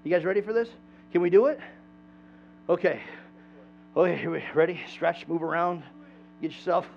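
A man preaching a sermon in a church, conversational and animated, asking the congregation questions. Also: high voice, normal speed, creaky, pauses often, soft background music. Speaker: pastor. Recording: dull lo-fi sound with mains hum.

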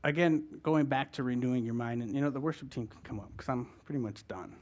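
A man preaching a conversational sermon, talking fast and often checking in with his listeners. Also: medium pitch, darkish tone. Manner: fast-talking, keeps asking "right?". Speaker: guest preacher.

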